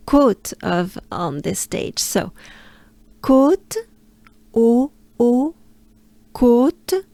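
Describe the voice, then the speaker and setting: A woman from France with a French accent, teaching pronunciation by slowly repeating syllables and leading the listener through them. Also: lowish voice, darkish tone, no room sound. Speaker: pronunciation coach. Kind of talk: slow, drilled pronunciation lesson.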